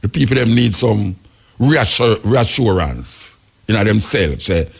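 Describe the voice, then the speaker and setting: A Jamaican man hosts a radio talk show, rambling through the news in heavy patois. His voice is gravelly, with a husky edge. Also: fairly low pitch, animated, unhurried. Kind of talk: casual on-air commentary.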